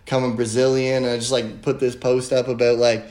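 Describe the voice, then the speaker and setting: A man's voice: medium pitch, flat delivery, fairly quick, darkish tone. A young man telling a story in casual podcast chat, rambling with lots of filler words and swearing. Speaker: guest. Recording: roomy echo.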